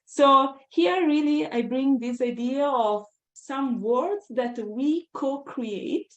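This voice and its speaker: A woman delivers an academic lecture in a fairly high voice, thoughtful and deliberate. She leans on her key points for emphasis. The sound is roomy, with a clear echo around her. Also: dull audio.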